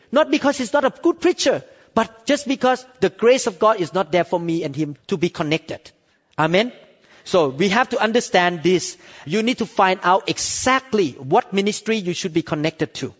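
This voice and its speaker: A man's voice: sits high, long reverb tail, muffled recording. A man preaching a sermon as pastor in accented, non-native English, emphatic and repetitive, often calling out for an amen from the congregation.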